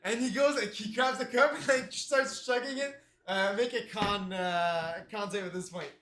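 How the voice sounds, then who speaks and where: Man, Quebec French accent, game master, bright tone, roomy echo. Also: high-pitched, moderate pace. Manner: loose, filler-heavy, laughing. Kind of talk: narrating a tabletop game. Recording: roomy echo, faint noise.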